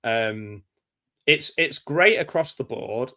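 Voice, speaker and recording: An English man hosting a live film chat, his voice bright and forward in tone. He talks in a loose, rambling way, stopping and restarting his sentences and leaning on "um" as he thinks aloud. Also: medium pitch, expressive, takes it slowly. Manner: rambling, hesitant, with many fillers and restarts. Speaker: show host. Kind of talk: casual live chat about films.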